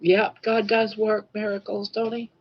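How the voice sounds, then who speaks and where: A woman's voice: medium pitch, flat delivery, a little slow, breathy edge, dull audio. A woman in her sixties hosting a casual livestream, chatting emotionally with viewers and reading their comments. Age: 60s. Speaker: livestream host.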